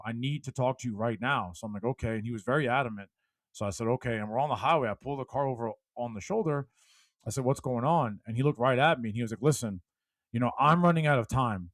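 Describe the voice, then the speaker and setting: A man in an interview, telling his own story with lively energy that rises and falls. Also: medium pitch, fast talker, no room sound. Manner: animated, gets loud and laughs when telling a punchline. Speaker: guest speaker.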